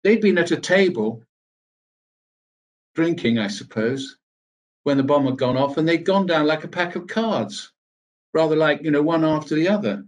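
An older man giving a speech, telling a personal recollection in a measured, grave way with pauses. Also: a little high. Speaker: speaker at a veterans' event.

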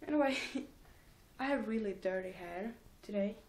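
A woman's voice: mid-range voice, normal speed, a little mellow, slight background noise. A teenage girl rambling casually in a home vlog, giggling and mocking herself between thoughts. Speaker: vlogger.

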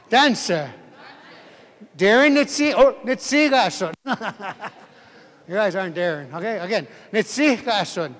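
A man's voice: high-pitched, expressive, moderate pace, a bit bright. A man teaching a language class who leads a group through a spoken drill, chuckles often and keeps urging them to speak up. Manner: encouraging, chuckling, calls for more volume. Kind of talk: leading a group drill of a greeting. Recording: long hall reverb.

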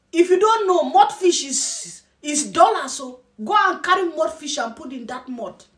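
A woman's voice: sits high, fairly bright tone. A woman vlogger giving scolding, mocking reaction commentary and repeating herself for emphasis. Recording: roomy echo.

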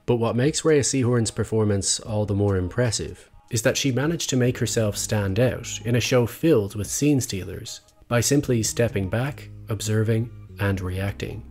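A man narrating a scripted video essay in a measured, analytical way. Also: fairly low pitch, a little mellow. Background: faint background music.

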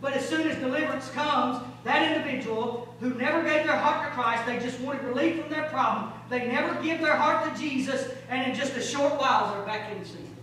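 A man preaches with a high, bright, ringing voice, trading loud exhortation for low intense stretches. He throws out rhetorical questions and folksy asides. The sound is very echoey, picked up from a distant mic with a faint hum. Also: fairly quick, few pauses. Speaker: pastor. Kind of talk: sermon. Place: large church sanctuary.

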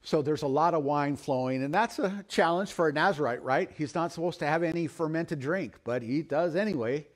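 A man's voice: brisk, few pauses. A middle-aged man preaching a sermon as pastor, telling a story and acting out the quoted voices. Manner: storytelling, acts out quoted voices with big pitch swings.

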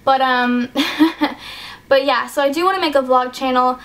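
High-voiced teenage girl, rambling vlog. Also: fairly quick, a bit bright. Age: teens. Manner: rambling, hesitant, many ums and likes. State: choked up, sniffly. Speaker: YouTuber. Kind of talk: casual vlog talk.

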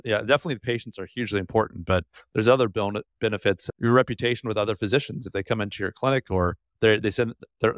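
A man co-hosting a podcast who talks quickly and agreeably, picking up his partner's points. His voice is on the low side. The recording is dry and close. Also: no echo. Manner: quick, agreeable, builds on the other host's points. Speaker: podcast co-host, podiatrist. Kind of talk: casual podcast chat.

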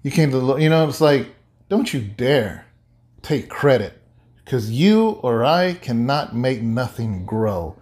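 A male pastor giving an animated, conversational sermon-like talk, often repeating himself. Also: medium pitch, a little slow. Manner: animated, repetitive, conversational preaching. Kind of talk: casual sermon-like chat.

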